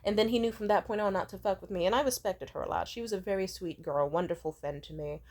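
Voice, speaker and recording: A woman's voice: medium pitch, quick pace, a little mellow. A young woman telling a rambling, profane personal story in a casual vlog. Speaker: vlogger.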